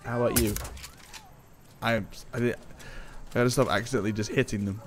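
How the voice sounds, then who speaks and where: A man giving excitable, jokey let's play commentary and talking back to game characters. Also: medium pitch, normal speed. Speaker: gaming YouTuber. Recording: game sound effects and vehicle noise behind.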